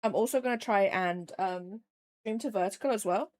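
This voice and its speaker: A woman's voice: mid-range voice, normal speed, darkish tone. A woman streamer chatting casually with her viewers while she paints, rambling along with lots of fillers. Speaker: streamer and digital artist.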